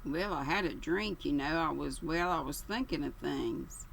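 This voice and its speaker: A woman's voice: sits low, expressive, normal speed, gravelly, a little hiss or hum, low-quality recording. A woman voicing a dim, vague young Englishman who rambles and halts as he talks.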